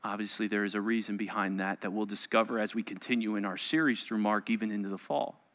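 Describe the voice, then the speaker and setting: A male pastor preaching a sermon to a congregation, telling the story dramatically and dropping into quiet asides. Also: fairly low pitch, fast talker, long reverb tail. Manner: animated, dramatic storytelling with sudden soft asides. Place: church sanctuary.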